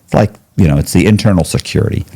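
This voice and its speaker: A man telling a story as a podcast guest in casual talk, animated, and he jumps up high when he quotes people. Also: fast, breathy edge. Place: podcast studio.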